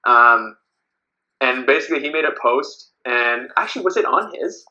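Over a muffled recording, a male podcast guest from Canada, a beach volleyball player, keeps the interview casual and rambling with frequent laughs and many fillers. His mid-range voice is animated, bright and forceful, at a moderate pace.

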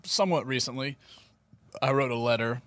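A man hosting a podcast, speaking in brief, quiet prompts and dry jokes. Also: medium pitch, a little fast, dry recording. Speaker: podcast host.

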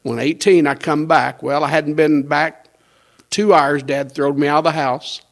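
Older pastor, 60s, folksy testimony, chuckles a lot, kinda high voice. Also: male voice, fairly even intonation, normal speed, fairly bright tone. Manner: storytelling with quoted dialogue and chuckles. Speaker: pastor sharing his testimony. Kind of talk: conversational personal testimony.

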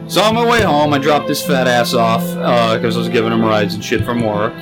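A man's voice: mid-range voice, a little fast, hardly any pauses, loud music behind the voice, rough recording. A young man co-hosting a podcast, rambling crude jokes and stories in casual chat. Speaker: podcast co-host.

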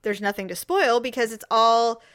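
Animated woman chatting, bright tone. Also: fairly high pitch, moderate pace, clear, resonant tone. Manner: animated storyteller, laughs often. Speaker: podcast co-host. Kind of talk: casual chat.

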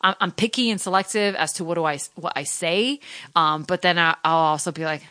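A woman in her thirties from Connecticut, a radio host telling a story in fast, chatty studio talk. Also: on the low side, bright, forceful tone, dry recording. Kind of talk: casual studio chat. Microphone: studio microphone.

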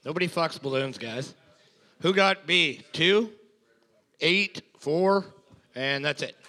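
A man co-hosting a trivia night, reading out team scores and adding dry, deadpan jokes. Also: on the high side, slow pace. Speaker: co-host scoring the teams. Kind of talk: casual banter and score reading.

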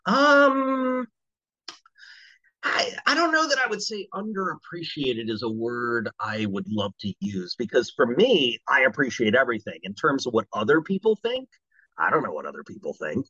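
A man, a voice actor, telling animated and jokey stories in an interview. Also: mid-range voice, moderate pace, husky, no room sound, lo-fi sound. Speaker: voice actor guest. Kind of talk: anecdotal interview talk.

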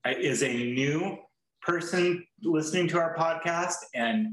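A man's voice: fairly high pitch, unhurried. A man co-hosting a podcast, talking casually in a rambling way with lots of restarts and free swearing. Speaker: podcast co-host. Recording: roomy echo.

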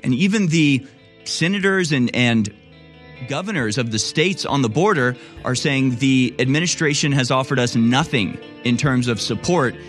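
Talk radio host, man, steady mid pitch, quotes and scoffs with emphatic indignation. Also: normal speed, faint music behind.

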